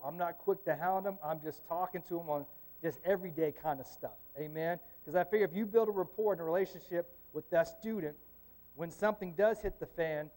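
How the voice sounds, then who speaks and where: A high-pitched man delivers a relaxed sermon in a church. He tells stories with joking asides and keeps checking in with the congregation. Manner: chatty, joking asides, frequent "amen?". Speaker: lay preacher. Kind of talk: conversational sermon.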